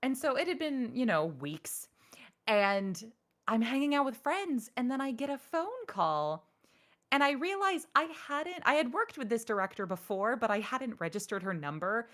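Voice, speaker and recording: Animated high-voiced woman storyteller. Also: moderate pace. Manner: animated, acts out quotes with big pitch jumps; frequent "like" and "you know" fillers. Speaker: voice actor guest. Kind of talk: casual interview storytelling.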